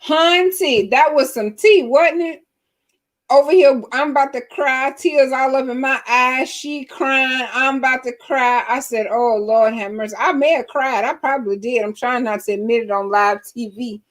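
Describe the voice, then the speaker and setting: Woman, live-stream host, higher voice, laughing, casual chat. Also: normal speed. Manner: lively, laughing, preacher-like cadence.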